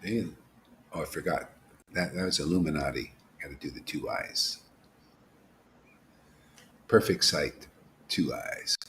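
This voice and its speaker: A man giving an informal, animated devotional talk as a spiritual teacher, dropping to whispers and rising to exclamations. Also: very deep voice, a little slow, pauses often, a little hiss or hum. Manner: animated preaching, swings from whispers to loud exclamations.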